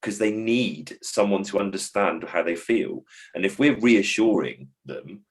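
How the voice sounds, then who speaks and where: A man's voice: fairly low pitch, animated, a little slow. A man who works as a behaviour support trainer, talking in a reflective, digressive way on a podcast and acting out phrases as he goes. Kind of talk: podcast conversation.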